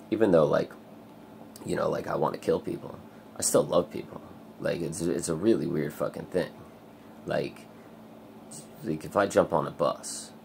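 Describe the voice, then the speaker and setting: Very deep, gravelly-voiced man rambling. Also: a little mellow, a little hiss or hum. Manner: rambling, swears a lot, many fillers. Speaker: vlogger. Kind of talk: casual personal vlog.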